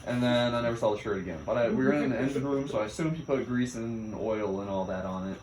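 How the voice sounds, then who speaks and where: A young man recounts his time at sea in a relaxed, animated way, often laughing and acting out the orders barked at him. His voice is mid-pitched and carries a noticeable echo from the room. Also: quick pace, slight background noise. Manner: animated, laughs often, acts out quoted shouts. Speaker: Navy sailor recounting a deployment. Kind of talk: casual spoken storytelling. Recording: echoey room.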